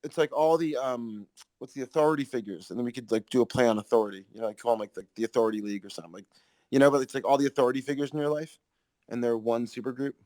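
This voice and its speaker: A man hosting a podcast in casual chat, rambling and excitable, swearing freely. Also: medium pitch, rapid-fire, no room sound. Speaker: podcast host.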